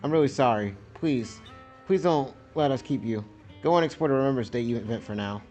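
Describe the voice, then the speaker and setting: A man reading aloud the lines of a soft-spoken grieving widow and mother in a game, low and subdued. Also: brisk, soft background music, close to an everyday voice.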